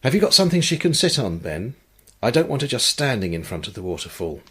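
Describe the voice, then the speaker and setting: A man playing a brisk male photographer. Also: mid-range voice, big pitch swings, fairly bright tone, slightly rough.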